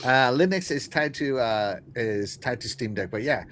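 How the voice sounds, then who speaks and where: A man's voice: medium pitch, animated, normal speed, a bit bright, slight background noise. A man hosting a casual live-stream show, talking to his chat with lots of fillers and restarts. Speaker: podcast host.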